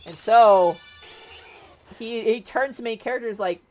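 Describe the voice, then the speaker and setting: A woman's voice: fairly high pitch, fast, faint music behind. Woman streamer; casual livestream book recap; rambling, filler-heavy, swears freely.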